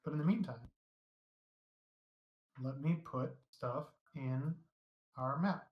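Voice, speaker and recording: A man narrating a tabletop game as dungeon master, easygoing and halting, with many fillers. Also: fairly high pitch, roomy sound, muffled recording.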